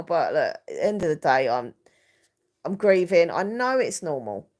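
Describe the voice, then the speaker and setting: A woman's voice: deep voice, sing-song, moderate pace, darkish tone. A woman hosting a live stream, talking in a rambling, emotional, confiding way with many fillers.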